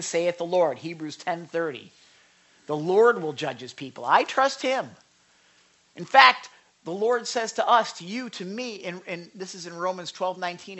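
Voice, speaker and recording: A preacher giving a sermon, emphatic and conversational, swinging between loud declarations and hushed asides. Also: mid-range voice. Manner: conversational with repeated asides and restarts.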